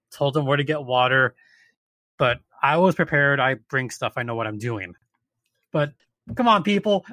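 A man casually telling an animated, exasperated story as a podcast host. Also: on the high side, dry recording.

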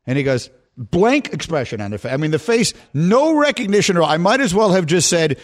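Animated middle-aged man telling a story. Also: fast. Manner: animated storyteller, voice jumps high when quoting. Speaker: sports radio host. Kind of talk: storytelling on a sports talk show.

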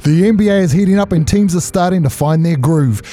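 Quizmaster: brisk, playful man with a slightly raised pitch, light music behind. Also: mellow. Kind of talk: reading quiz questions on radio.

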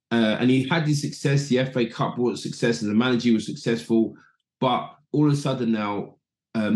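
A man from England telling animated stories as a former footballer guest, acting out quotes and restarting his sentences. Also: mid-range voice. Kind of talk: anecdotal interview storytelling. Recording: roomy echo.

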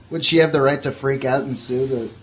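A man's voice: mid-range voice, fairly even intonation, normal speed, slight background noise. A man chatting as a podcast guest, making wry joking remarks. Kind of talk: casual podcast chat.

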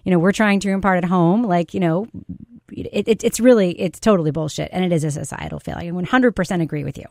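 Blunt low-voiced woman podcaster. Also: quick pace, a little mellow, no echo, studio quality. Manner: blunt, emphatic, swears. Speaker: podcast co-host, parent. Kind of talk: casual podcast chat.

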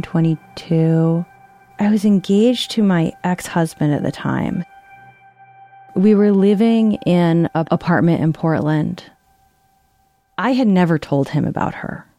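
A woman's voice: on the low side, slow pace, dark tone, soft background music. A woman telling a personal story in a candid, conversational way, sometimes acting out what people said. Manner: candid, conversational, reenacts dialogue. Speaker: guest storyteller.

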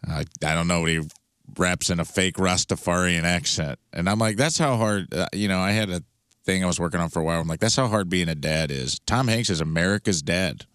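A man's voice: deep voice, a little fast, a bit bright, clear, resonant tone, no room sound, studio quality. An American man on a radio show's banter, telling jokey stories and putting on voices. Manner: jokey storyteller, puts on voices in his bits. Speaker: radio co-host. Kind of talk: casual comedic chat.

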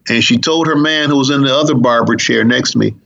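A man's voice: fast, gravelly, fairly bright tone. A middle-aged man, a police officer, telling a long story in an interview and acting out the voices of the people in it. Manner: acts out dialogue with big pitch jumps. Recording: dull lo-fi recording.

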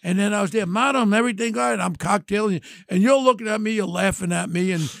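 An older man, hosting a podcast and telling crime stories in an animated, brash way. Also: high-pitched, quick pace, vocal fry, dry recording, studio quality. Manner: animated, brash storytelling, acts out quotes. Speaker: podcast host. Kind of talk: storytelling chat.

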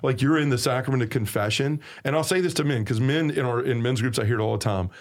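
A man's voice: medium pitch, fast talker. A man with a Southern accent, a podcast guest telling his faith story earnestly, stressing and repeating key phrases. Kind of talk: personal faith testimony in conversation.

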